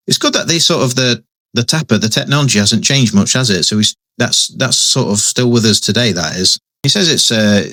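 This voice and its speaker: A man's voice: lowish voice, a bit bright. A man giving casual, chatty commentary while reviewing a comic book, often adding tag questions and restarting sentences.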